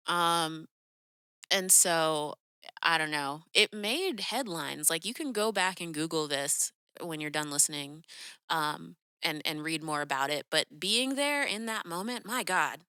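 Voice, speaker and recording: Chatty woman podcaster, bright crisp voice. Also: sits low, no echo, clean studio sound. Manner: chatty, lots of "like" and "um", acts out quoted voices. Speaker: podcast host. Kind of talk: casual storytelling monologue.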